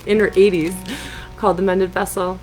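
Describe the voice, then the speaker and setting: Soft-spoken woman musician telling a story on a laptop stream, calm, um-filled, mid pitch. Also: soft background music, poor audio. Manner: gentle, unhurried storytelling with hesitant fillers. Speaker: singer-songwriter. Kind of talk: storytelling on a livestream. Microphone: laptop computer mic.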